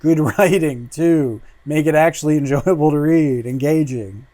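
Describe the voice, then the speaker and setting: Hosting a casual livestream, a man leafs through a comic book and mutters relaxed asides, swearing freely along the way. His voice is a little high and unhurried, with no echo.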